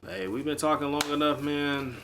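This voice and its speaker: A man co-hosting a reaction video, talking in a relaxed, slangy, joking way, with faint background noise. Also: a little high, moderate pace. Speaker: reaction channel co-host. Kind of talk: casual chat.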